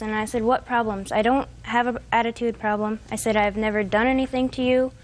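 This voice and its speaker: A woman's voice: fairly high pitch, level tone, brisk, few pauses. A woman in her twenties testifying as a defendant in a TV courtroom, telling a long, hesitant, rambling account. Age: 20s.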